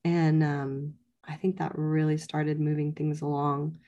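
A woman's voice: sits low, level tone, a little slow, warm tone, muffled recording. A woman in her thirties, a podcast guest casually telling her own birth story and quoting the people around her. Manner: conversational, many "like" fillers, quotes others in her story.

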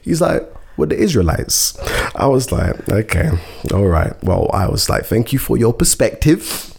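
A man spins a comic story in a relaxed chat, his voice gravelly and a little husky. His pitch jumps around a lot as he acts out the other people's lines. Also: moderate pace. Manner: animated, laughing storyteller who acts out quotes.

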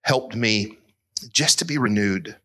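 A middle-aged man preaching a sermon as pastor, earnest and emotional, his voice climbing high as he is moved. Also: takes it slowly, pushed and bright.

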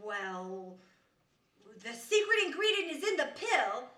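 A flustered young apprentice fumbles through her explanations, as a woman acts her. Her voice is high and bright, her pace slow. She is heard from afar in a roomy space. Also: big pitch swings, recorded from a distance, exaggerated voice. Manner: hesitant, stumbling, many fillers.

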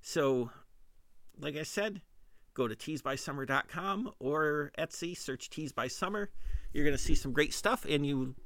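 A middle-aged man tells a comic story as a podcast host, rambling and self-deprecating, often restarting his sentences. His voice is bright and forceful at an average pitch. The recording is dry and close, with no room sound. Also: creaky, dry recording. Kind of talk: casual comedic monologue.

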